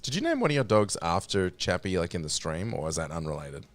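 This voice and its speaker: A man streaming a game, chatting casually with a teasing, sweary, deadpan manner. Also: low-pitched, fast talker, no echo, soft background music. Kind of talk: casual gaming chat.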